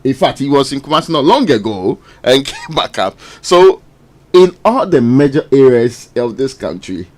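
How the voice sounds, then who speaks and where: A man's voice: mid-range voice, sing-song, normal speed. A man with a Ghanaian English accent hosting a morning radio show, reading headlines and commenting in a conversational way. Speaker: radio host. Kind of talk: news review and political talk.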